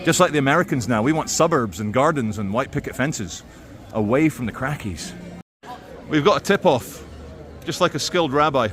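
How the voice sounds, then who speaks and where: A man's voice: mid-range voice, lively intonation, normal speed, fairly bright tone, a faint crowd. A man, narrating a walking street vlog in a wry, sardonic tone. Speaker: street vlogger. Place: outdoors on city streets.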